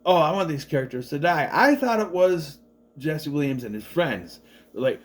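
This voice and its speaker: A man reviewing a movie in a loose, rambling way, full of fillers and false starts. His voice sits fairly high for a man and swings widely up and down as he gets animated. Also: moderate pace. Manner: rambling, chatty, many fillers and restarts; animated, acts out the characters' lines.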